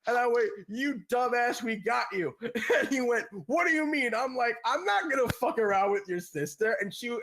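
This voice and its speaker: A young man telling an animated, profane prank story on a podcast, laughing as he goes. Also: extremely high pitch, moderate pace, vocal fry, few pauses, slight background noise. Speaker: podcast co-host. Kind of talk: casual storytelling.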